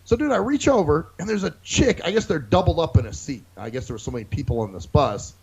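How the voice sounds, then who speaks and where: A man's voice: on the high side, lively intonation, quick pace, darkish tone, breathy edge. A man co-hosting a casual podcast, telling a profane story and acting out other people's lines. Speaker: podcast co-host. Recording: dull lo-fi recording.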